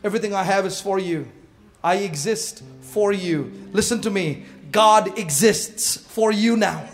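A man preaching a sermon to his congregation, swinging between shouted fervor and hushed, intense passages. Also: high voice, unhurried, faint music behind. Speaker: pastor.

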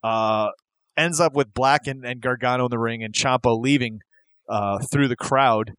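Guy rambling excitedly on a podcast, lots of likes and uhs, mid voice, super dry mic. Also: mid-range voice, moderate pace, smooth, dry recording. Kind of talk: casual chat.

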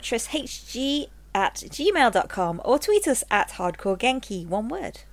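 A woman's voice: fairly high pitch, very animated, a little slow, no room sound. A woman co-hosting a podcast, bantering playfully and enthusiastically. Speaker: podcast co-host. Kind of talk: casual chat.

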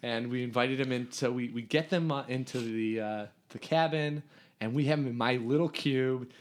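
A man's voice: medium pitch, moderate pace. Man rambling through a camp story. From Hungary. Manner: animated, rambling with many restarts. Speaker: podcast guest. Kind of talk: casual storytelling.

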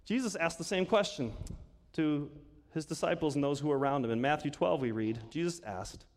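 A man's voice: on the high side, brisk. A man preaching a conversational sermon as pastor, asking the congregation questions and laughing often. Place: church sanctuary. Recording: long reverb of a church hall.

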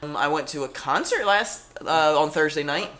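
A man co-hosting a podcast trades wry, teasing remarks in a bright, forceful voice. Faint music sits underneath. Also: fairly high pitch, expressive, moderate pace. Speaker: podcast co-host. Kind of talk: casual chat.

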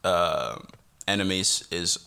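A man co-hosting a casual podcast, chatting loosely, laughing often and jumping into sudden high-pitched bursts. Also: expressive, takes it slowly, creaky, bright, forceful tone, clear, resonant tone. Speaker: podcast co-host. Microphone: close podcast mic, sometimes leaning in very close.

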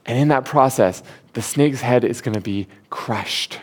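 A man preaching a sermon in an animated, conversational way, asking rhetorical questions and acting out the quotes he tells. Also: medium pitch, a little slow.

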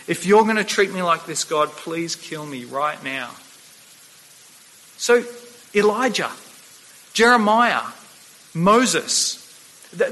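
Male preacher, bright and slightly high, earnest and halting, in a reverberant church hall. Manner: earnest, stammering restarts, slows for quoted scripture. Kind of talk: sermon.

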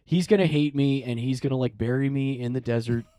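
A young male priest with a mid-range voice shares a personal story in a relaxed interview, speaking a little fast on a recording with no echo. He's animated, performs the voices of the people he quotes, and says "like" a lot.

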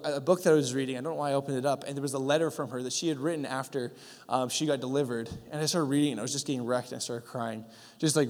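A preacher shares a testimony during a sermon, speaking earnestly with many fillers and restarts. His medium-pitched, slightly mellow voice carries a long hall reverb.

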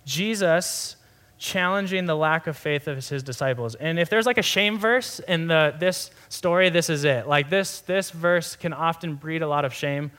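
Man, young adult, pastor, sermon, conversational, earnest, slightly high voice. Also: normal speed, a bit bright. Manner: conversational, earnest, heavy use of "like" and restarts.

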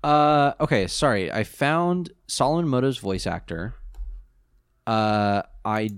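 A man co-hosting a casual podcast recap, animated, joking and sarcastic. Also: medium pitch, slow pace, clear, resonant tone, no echo, studio quality. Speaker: podcast co-host.

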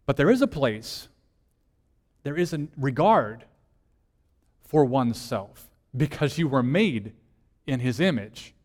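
A lead minister giving a conversational sermon, asking rhetorical questions and swinging between soft, hushed lines and emphatic ones. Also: male voice, mid-range voice, big pitch swings, takes it slowly, long pauses, in a large hall.

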